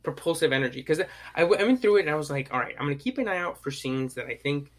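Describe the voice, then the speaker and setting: A man's voice: a little high, expressive, very fast. A man around thirty in casual chat, rambling enthusiastically and swearing freely.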